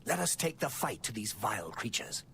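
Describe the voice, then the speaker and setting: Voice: medium pitch, big pitch swings, a little fast, gravelly, a bit bright, husky, exaggerated voice. An actor voicing a grandiose guild fighter in a video game, eager to slay beasts. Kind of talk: video game character dialogue.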